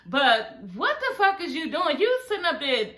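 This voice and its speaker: A woman's voice: sits high, very animated, normal speed, pushed and bright. A woman vlogger casually recapping a reality show, sassy and profane, talking straight to her viewers. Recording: echoey room.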